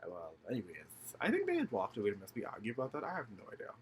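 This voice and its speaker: Over slight background noise, a young man vlogs a story to camera very fast in a fairly low voice. His chatter is casual, slangy and packed with fillers and swearing, and he animatedly acts out anyone he quotes.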